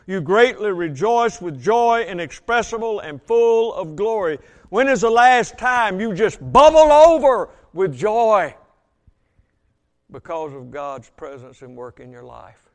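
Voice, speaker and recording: High-voiced preacher slowing for emphasis. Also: male voice. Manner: reads scripture aloud, slows for emphasis, asks congregation questions. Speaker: Baptist pastor. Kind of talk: sermon.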